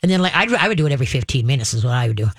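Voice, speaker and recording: Woman dog-training host, brisk and practical, demonstrates commands calmly, dry close recording. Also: very deep voice, breathy edge, no room sound. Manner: direct, instructive, acts out calm dog commands; frequent checks like "okay?" and "all right?". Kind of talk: casual advice to a caller.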